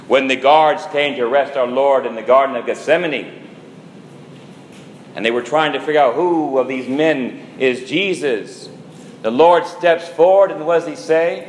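A man preaching a sermon as a priest, slow and deliberate, building emphasis through rhetorical questions. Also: medium pitch, expressive, a little hiss or hum. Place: church. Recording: echoey church with long reverb.

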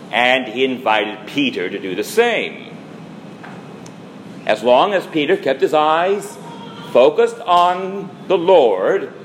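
Slow, measured male preacher. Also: mid-range voice, slight background noise, rough recording. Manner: slow, measured preaching with dramatic quoted lines. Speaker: priest. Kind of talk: sermon.

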